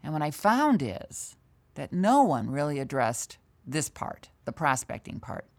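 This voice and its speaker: Older female sales trainer, low voice, candid and animated storyteller. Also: unhurried. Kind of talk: storytelling in a conversational interview.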